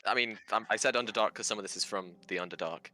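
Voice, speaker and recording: A man playing in a tabletop game, chatting casually and asking quick questions. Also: lowish voice, sharp tone. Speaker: player.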